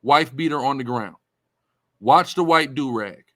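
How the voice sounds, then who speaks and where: A man's voice: medium pitch, measured pace, bright, forceful tone, no room sound. Guy preaching, emphatic, keeps repeating himself, dry close sound. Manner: emphatic, repetitive, conversational. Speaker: religious teacher. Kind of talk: preaching-style commentary.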